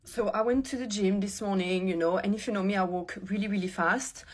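A woman's voice: mid-range voice, fairly even intonation, brisk. A woman telling a personal story to camera in an agitated, rambling way.

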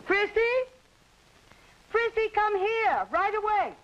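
Woman playing a steady frontier woman, firm, questioning, mid-pitched voice. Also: moderate pace, highs cut off, lightly acted.

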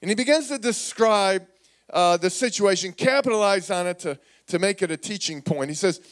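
A man pastor preaching a sermon in a church, animated and calling on the congregation to repeat words back. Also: sits high, moderate pace. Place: church sanctuary.

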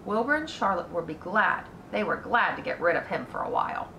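A woman teacher reading a children's book aloud in a slow, deliberate manner. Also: fairly low pitch, very animated, vocal fry, sharp tone, a little hiss or hum. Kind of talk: read-aloud storytelling. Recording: roomy echo.

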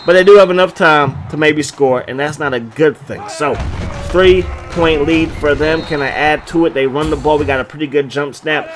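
A man doing play-by-play commentary over a football video game, excitable and breaking into loud bursts on big plays. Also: on the high side, moderate pace, a little hiss or hum.

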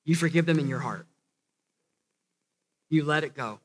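Preaching as pastor in a reverberant church hall, a man speaks earnestly at a moderate pace in a fairly high voice. He keeps restarting and repeating phrases, rising to emphatic peaks.

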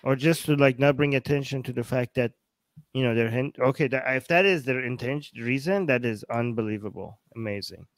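A man's voice: medium pitch, fairly quick, no room sound. A man hosting a casual talk show, rambling and searching for words as he gives his opinions. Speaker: show host.

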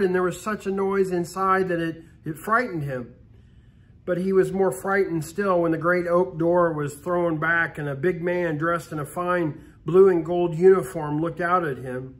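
High-voiced man reading a Christmas story. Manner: steady storytelling with small restarts. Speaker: story reader. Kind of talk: read-aloud Christmas story.

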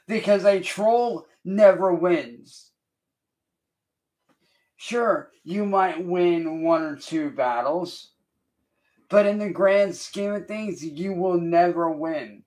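Slow, deliberate man lecturing a critic. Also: high voice, darkish tone. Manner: confrontational, defiant. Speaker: livestreamer. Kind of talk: livestream rant addressed to a critic.

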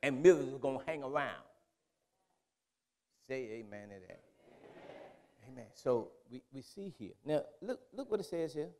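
A man's voice: mid-range voice, big pitch swings, normal speed, pauses often, dark tone. A male pastor preaching a sermon in a conversational, repetitive style.

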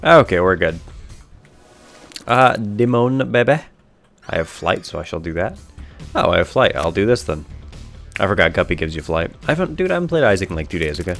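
Young guy chatting over his game, low voice, headset mic, a bit of music behind, swears and trips over his words. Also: very animated, fast, gravelly, fairly bright tone. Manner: rambling, self-correcting, laughs often, swears casually. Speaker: gaming video host. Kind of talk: casual gameplay commentary.

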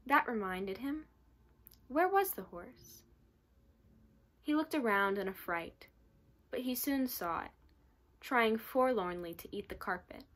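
A woman student reading a children's novel aloud with steady, expressive storytelling. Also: on the high side, takes it slowly, long pauses. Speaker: student reader.

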